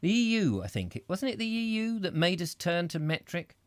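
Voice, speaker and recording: Middle-aged male host, rambling and chatty, very animated pitch, dry close sound. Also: brisk, dry recording. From Britain. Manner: rambling, self-interrupting, chatty asides. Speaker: reader and host. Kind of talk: live reading with chat comments.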